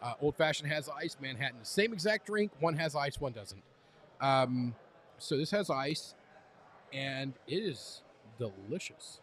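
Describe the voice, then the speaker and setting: A man in casual chat as a podcast co-host, joking loudly and repeating himself over drinks. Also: medium pitch, expressive, measured pace.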